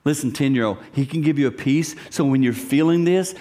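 A middle-aged man preaches with an animated, conversational energy. He swings from raised lines down to near-whispers and slips into acted voices. His pitch sits in a middle range. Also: a little fast. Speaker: pastor. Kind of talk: sermon.

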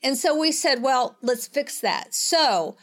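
A woman's voice: high voice, expressive, slow pace, a bit bright. A middle-aged woman, speaking as a guest in earnest, emphatic, pleading political talk. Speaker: guest, advocacy leader.

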